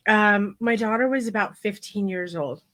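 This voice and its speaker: A middle-aged woman teaching a live photography class, telling stories in a frank, animated way with casual swearing. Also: medium pitch, moderate pace. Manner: frank and animated, with mild profanity.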